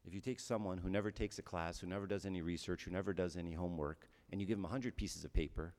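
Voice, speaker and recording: A man's voice: sits low, steady tone, fast talker, a little mellow, long reverb tail. A man giving a conversational homily as a priest, often checking in with his listeners with "right?".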